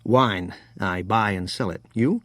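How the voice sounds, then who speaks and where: Man voicing weary american wine trader, forties, frank, wry, low voice, dry sound. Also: slow, a bit bright, no room sound.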